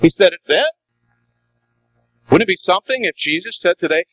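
High, lively-voiced preaching man. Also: normal speed, pauses often, no room sound, poor audio. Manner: emphatic preaching with rhetorical questions, swinging pitch. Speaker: pastor. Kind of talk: sermon.

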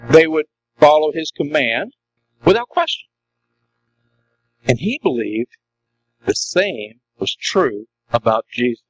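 A man's voice: high voice, a bit bright, no room sound, rough recording. A man preaching a sermon as a pastor, emphatic and full of rhetorical questions to the congregation.

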